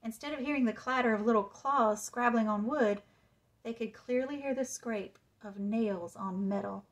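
A woman author reading a children's book aloud in a measured, suspenseful way. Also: fairly high pitch, poor audio. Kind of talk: storybook read-aloud.

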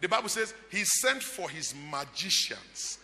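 A Nigerian man preaches with a very high, sharply bright voice that swoops up and down. He delivers slowly and emphatically, driving home repeated phrases and shouting at the peaks. His voice rings out with a long reverb, as if in a large hall. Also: big pitch swings, gravelly. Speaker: pastor. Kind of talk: sermon.

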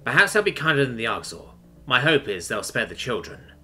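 A man voicing a grim, fatalistic alien advisor with a low, growling delivery. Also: very animated, brisk, bright, forceful tone, slightly rough, full character voice.

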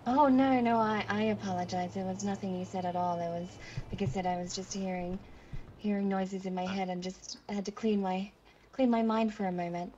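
A woman's voice: medium pitch, steady tone, fairly quick, dull audio, noisy background, close to an everyday voice. A woman playing a polite, apologetic young woman who stammers through her words.

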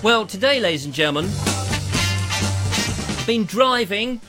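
A man's voice: high voice, expressive, unhurried, over music. A middle-aged man hosting a casual live chat, jokey and theatrical, on a lapel mic. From England. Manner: theatrical, jokey, slips into funny voices. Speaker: host of an explorer channel.

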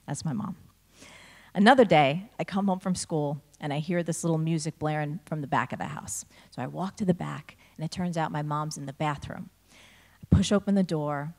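Speaking to a school audience, a woman from New Jersey, USA, gives a motivational talk in a low voice at a moderate pace. She's an animated storyteller who acts out the dialogue. The long reverb of a large hall surrounds her.

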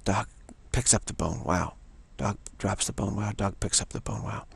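A man in the role of a spiritual teacher gives a meditative dharma talk. His low voice is heavily gravelly with a husky grain. He talks slowly and repetitively, restarting phrases and returning to a chanted "wow.".

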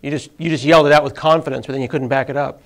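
Racing along in a slightly high voice with fairly even intonation, a man in his forties presents a live tech talk. He has a sniffly cold, speaks into a handheld mic, and keeps things chatty and self-deprecating for the meeting-room audience.

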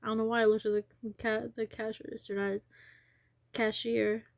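Husky gravelly lady rambling on her vlog, kinda high voice, dead dry room. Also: little pitch movement, normal speed, no room sound. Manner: wandering, trails off and drops into whispers. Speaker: vlogger.

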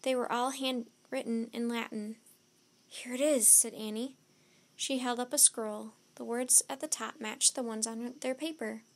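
Woman, high voice, storybook reading, expressive, unhurried. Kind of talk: reading a children's chapter book aloud.

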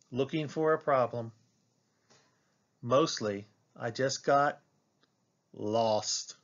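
A man reads a children's picture book aloud for a classroom, slow and expressive, in a mid-range voice. The recording is a little dull and muffled. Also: mid-range voice. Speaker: read-aloud teacher.

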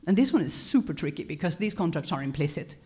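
A woman giving a lecture-style talk to an audience, animated and often correcting herself mid-sentence. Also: on the low side, fast. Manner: animated, self-correcting, chuckles between points. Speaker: conference speaker.

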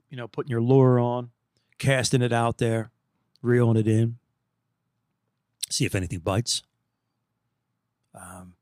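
A man's voice: mid-range voice, dry recording. Podcast guy rambling thru a story, chill and chatty, mid voice, dry close mic. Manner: rambling, chatty, laid-back anecdotes. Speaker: podcast host. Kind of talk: casual storytelling monologue.

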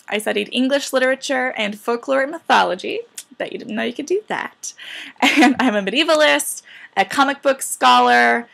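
A woman's voice: fairly high pitch, vocal fry, a bit bright. A young woman in her twenties, a former camper, telling campers a story and giving upbeat advice. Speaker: camp alumna. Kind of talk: recorded message to campers.

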